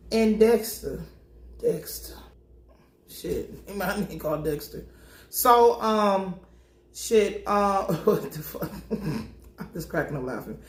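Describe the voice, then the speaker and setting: A woman's voice: medium pitch, darkish tone. A young adult woman recapping a TV episode in a casual, slangy, profane and joking way. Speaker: TV recap vlogger. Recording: echoey room.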